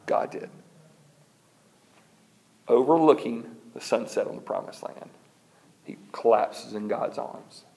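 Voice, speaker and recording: A man preaching a sermon, telling a scripture story with humor and animated delivery and reading verses aloud. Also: medium pitch, slow pace, gravelly, pauses often. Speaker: pastor.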